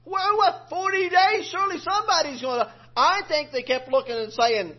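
A man's voice: extremely high pitch, moderate pace, few pauses. A male preacher telling a scripture story in a homespun, colloquial sermon. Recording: lo-fi recording.

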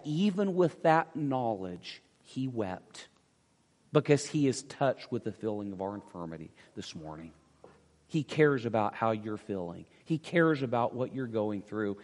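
Man preaching in a reverberant hall. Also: mid-range voice. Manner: swings from loud emphatic preaching to soft intimate pleading. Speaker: pastor. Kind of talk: sermon. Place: church sanctuary. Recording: long reverb of a large hall.

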